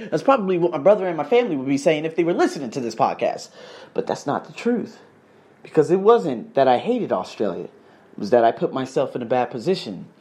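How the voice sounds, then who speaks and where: Male podcast host, casual storyteller; swings widely in pitch, rants with lots of swearing. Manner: animated, profane and ranting.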